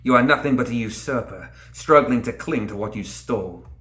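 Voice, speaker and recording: A man's voice: mid-range voice, animated, normal speed, fairly bright tone, lightly acted. Man voicing a taunting demon queen. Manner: taunting, hissing menace. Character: towering cruel winged demon queen, woman. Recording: roomy echo.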